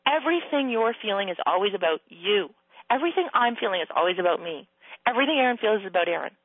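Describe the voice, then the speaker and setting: Frank husky woman on a phone line. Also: lively intonation, fast, no room sound. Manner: frank, blunt, swears freely, acts out quotes in a high playful voice. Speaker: host giving advice. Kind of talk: casual coaching conversation. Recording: tinny phone-line sound.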